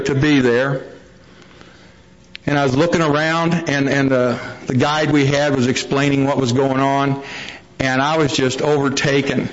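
Folksy man telling his recovery story. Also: medium pitch. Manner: folksy storyteller, acts out quotes. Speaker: recovery meeting speaker. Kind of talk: personal recovery story at a meeting. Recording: dull lo-fi recording.

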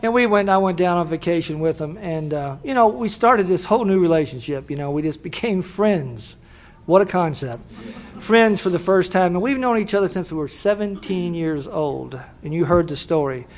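An older man shares his story with a meeting crowd in a folksy, self-deprecating way, often stopping and restarting. His voice sits high for a man. The recording is dull and lo-fi, with laughter from the audience behind him. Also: animated, normal speed. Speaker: speaker sharing his story at a recovery meeting. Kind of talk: personal story told to a live audience.

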